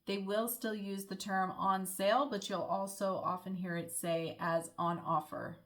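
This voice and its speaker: A woman's voice: medium pitch, fairly even intonation, a little slow. Chatty young American woman vlogging. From United States. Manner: chatty, friendly, explaining with small laughs. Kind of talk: casual explainer vlog.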